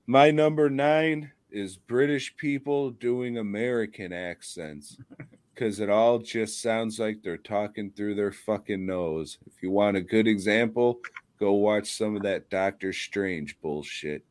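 A man with a lowish voice talks slowly and crudely on a horror podcast, mocking things and laughing often. The sound is close and dry. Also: a little mellow, dry recording. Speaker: podcast co-host. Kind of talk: casual comedic chat.

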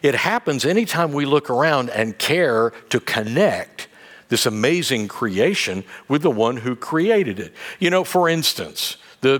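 A middle-aged man, a pastor, preaching a sermon in a conversational, animated way with light humor. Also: medium pitch.

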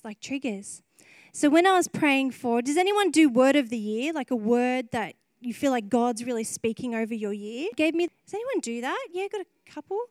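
Earnest woman preacher, slightly high voice. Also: no echo. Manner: earnest, emotional, often laughing between phrases. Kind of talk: sermon. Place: church service.

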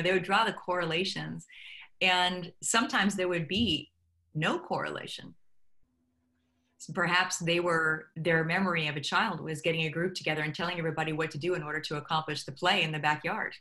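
A woman's voice: on the low side, a little fast. A middle-aged woman, a guest on an interview show, talking casually and acting out little exchanges as she tells stories. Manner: animated storyteller acting out quoted dialogue. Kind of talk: conversational interview.

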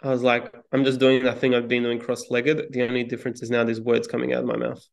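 Calm low-key man with gravelly voice. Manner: calm, measured storytelling with soft restarts. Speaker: podcast guest, speaking coach. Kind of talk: reflective interview talk.

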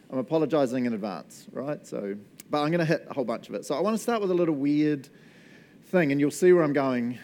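A man's voice: on the high side, quick pace, darkish tone. A young adult man with a New Zealand accent, preaching a casual, playful sermon as pastor and acting out customers in silly voices.

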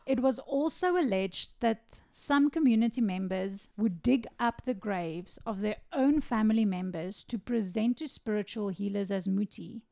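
A woman's voice: medium pitch, moderate pace, gravelly, hardly any pauses, dark tone. A woman co-hosting a casual true-crime podcast, reading out case details and adding blunt asides. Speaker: podcast co-host.

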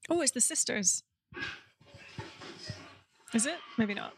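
Woman co-hosting a movie watchalong, kinda high voice, playful, asks lots of questions. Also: lively intonation, slow, vocal fry, a little hiss or hum. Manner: chatty and playful, asks questions and looks things up. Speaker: co-host. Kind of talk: casual movie watchalong chat.

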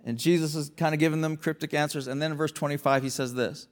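High-voiced preacher, earnest and emphatic. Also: male voice, steady tone, fast. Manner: earnest, repeats words and restarts often, builds to emphatic rhetorical questions. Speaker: pastor. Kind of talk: sermon.

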